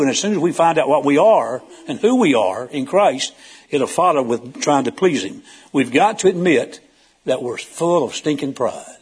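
A man preaching a sermon in a folksy way, telling a joke and asking the congregation questions, swinging from loud emphatic peaks to low quiet asides. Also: husky. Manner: folksy, tells jokes and animal stories, asks the congregation questions.

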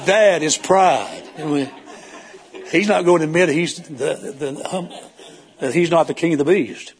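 A man preaching a sermon in a folksy way, telling a joke and asking the congregation questions, swinging from loud emphatic peaks to low quiet asides. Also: animated, normal speed. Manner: folksy, tells jokes and animal stories, asks the congregation questions.

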